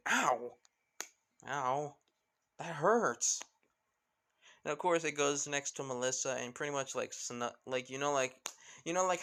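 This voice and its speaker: A man's voice: mid-range voice, a bit bright, clear, resonant tone. A young man casually narrating a fan story, rambling with lots of fillers.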